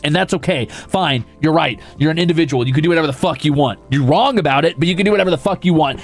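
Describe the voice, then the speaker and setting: A man's voice: a little high, expressive, fast, creaky, hardly any pauses. A young man hosting a casual stream, reading viewer messages aloud and ranting about them with profane mock exasperation. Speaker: streamer host.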